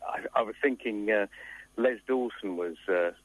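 A man calling in to a radio show, speaking hesitantly and haltingly over a phone line. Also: on the low side, a little hiss or hum. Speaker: caller.

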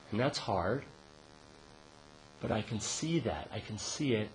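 A man at a middle pitch gives a relaxed, conversational dharma talk, dropping "right?" into almost every thought. He lifts into animated, laughing storytelling when he tells a joke. A faint hum sits under the recording. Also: slow, pauses often, rough recording. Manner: conversational, frequent "right?" tag questions.

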